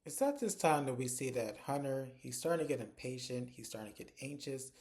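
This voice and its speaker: A man with a warm, mellow voice at an average pitch talks through a TV episode he watched. His delivery is chatty and animated, and he keeps slipping into quoted dialogue as he retells each scene. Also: a little fast. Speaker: TV episode reviewer. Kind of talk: casual recap vlog.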